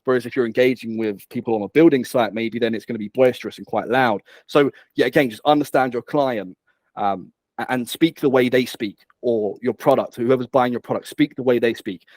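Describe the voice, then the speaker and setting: A man's voice: medium pitch, brisk. A man talks as a guest in a business interview. He speaks energetically and often repeats a word before his point comes out. The sound is dry, with no room echo. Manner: energetic, repeats words when starting phrases. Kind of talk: conversational interview.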